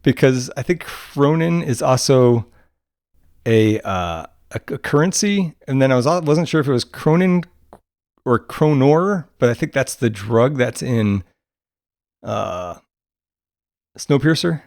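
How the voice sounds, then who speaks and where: A man's voice: medium pitch, lively intonation, slow, vocal fry, darkish tone, no echo, studio quality. A man co-hosting a casual podcast, hesitant and laughing often. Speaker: podcast co-host. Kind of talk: casual chat.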